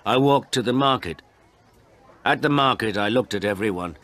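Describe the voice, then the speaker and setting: A man reading a graded story aloud for English learners, slowly and carefully. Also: on the low side. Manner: slow, careful and expressive. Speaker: story reader.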